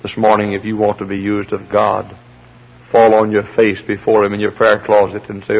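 A gravelly, husky-voiced man preaches a revival sermon. He swings from shouting peaks down to hushed, slow pleas. It sounds like a dull, lo-fi old sermon tape. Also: on the low side, monotone. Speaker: pastor.

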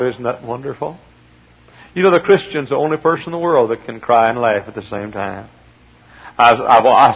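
A middle-aged male pastor preaching a sermon in a large church, swinging from quiet storytelling to loud shouting, with a husky voice. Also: medium pitch. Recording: dull lo-fi church recording.

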